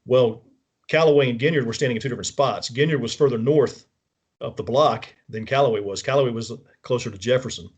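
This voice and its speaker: A man's voice: medium pitch, brisk, breathy edge. A man speaking as a guest on a talk show, walking through events in order and checking in with the listener as he goes. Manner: detailed step-by-step recounting, checks in with the listener; frequent restarts and self-corrections. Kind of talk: casual spoken walkthrough of events.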